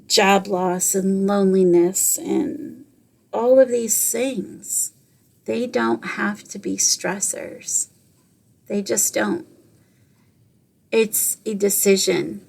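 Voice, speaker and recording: Woman, middle-aged, podcast host; earnest storyteller, flat even delivery. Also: mid-range voice, slow, creaky. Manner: earnest, repeats phrases, quotes others in her own voice. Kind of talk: personal storytelling and motivational talk.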